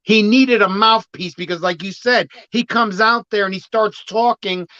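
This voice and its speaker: A man co-hosting a wrestling podcast, telling his picks in an animated, casual way. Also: high voice, normal speed, no room sound. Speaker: podcast co-host. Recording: dull, dry lo-fi sound.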